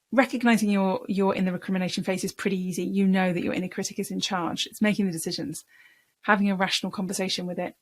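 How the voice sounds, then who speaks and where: A woman speaking coach giving a lesson, explaining in a conversational way and repeating words for emphasis. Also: mid-range voice. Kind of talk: talking-head coaching lesson.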